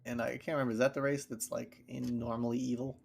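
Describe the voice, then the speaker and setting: A man's voice: medium pitch, flat delivery, fast talker, gravelly, slight background noise. A man streaming a game live, casually thinking aloud and reading viewer messages back as he plays. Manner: rambling, thinks aloud and reads chat questions back. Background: loud game soundtrack music.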